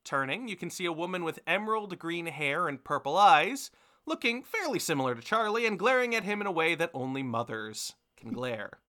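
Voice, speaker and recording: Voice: mid-range voice, big pitch swings, a little fast, pushed and bright. A game master narrating scenes in a tabletop role-playing game, with frequent "uh"s. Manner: descriptive, with filler "uh"s.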